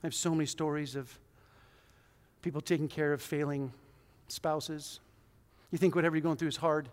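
A man in his forties preaching a conversational, self-deprecating sermon in a church hall, with sudden loud bursts. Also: fairly high pitch, steady tone, moderate pace. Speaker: pastor.

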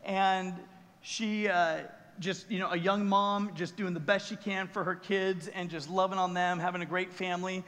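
A man's voice: sits high, level tone, normal speed, fairly bright tone, in a large hall. A man preaching a sermon as pastor on a church stage, telling a story earnestly and with emotion.

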